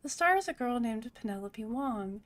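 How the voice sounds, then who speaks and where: A sleazy, rotund studio boss in a cyberpunk game, all high nasal wheeling and dealing in a rough mock New York accent. A woman puts him on while reading the game text. The voice stays fairly high. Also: animated, normal speed, lightly acted. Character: rotund male film-studio boss, oily and pushy. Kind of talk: reading game dialogue aloud.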